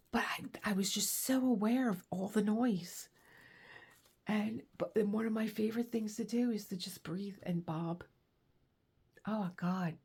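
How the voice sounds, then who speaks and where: A woman's voice: mid-range voice, a little mellow, breathy edge. A woman vlogger in casual chat, rambling and laughing as she reads aloud and tells stories. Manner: rambling, chatty, laughs often. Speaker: crafting vlogger.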